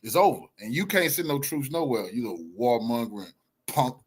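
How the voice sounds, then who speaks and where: A man reacting to a news clip in a loud, mocking, slangy rant that swings between shouting and muttering. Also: mid-range voice, sing-song, fairly quick, slightly rough. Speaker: reaction streamer. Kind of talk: ranting reaction commentary.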